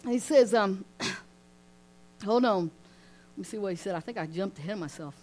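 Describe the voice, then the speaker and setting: A woman teaching an informal Bible study in a lively way, often laughing and asking her listeners questions. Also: medium pitch, moderate pace, long pauses. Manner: animated, asks the group questions, laughs often.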